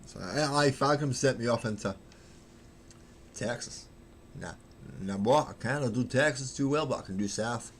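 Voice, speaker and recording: A man's voice: mid-range voice, normal speed, pauses often, slight background noise. A man from Manchester chatting casually with his livestream viewers while painting miniatures, joking, swearing freely and laughing at himself. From Manchester, England.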